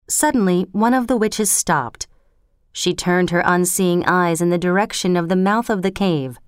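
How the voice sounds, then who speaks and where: A woman narrating a storybook in a measured, clear reading. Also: on the low side, dry recording, clean studio sound.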